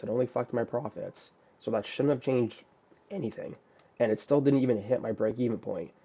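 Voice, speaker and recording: A man's voice: medium pitch, warm tone, muffled recording. A man bluntly and profanely going over his own trade mistakes in a casual recap, restarting his sentences often. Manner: blunt, profane, self-critical, frequent restarts. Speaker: day trader.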